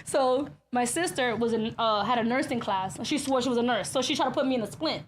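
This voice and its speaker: A woman co-hosting a podcast, telling family stories in casual, profane, animated chat with frequent laughter. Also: on the high side, brisk, slight background noise. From Hispanic family in Florida. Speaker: podcast co-host.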